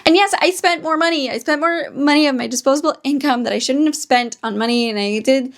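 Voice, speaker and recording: A woman's voice: high-pitched, brisk. A woman hosting her own podcast, telling a story casually and rambling off into tangents. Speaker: podcast host.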